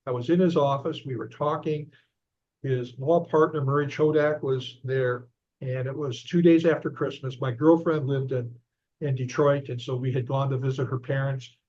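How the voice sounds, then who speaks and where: An older man, an author and investigator, speaks at medium pitch and normal speed as an interview guest. He tells an anecdote in an animated, conversational way, recounting dialogue, and the lo-fi audio sounds dull.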